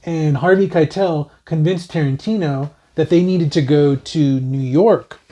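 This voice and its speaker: A co-host on a casual movie review show, calmly sharing behind-the-scenes trivia. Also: medium pitch, a little slow. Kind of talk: casual film review chat.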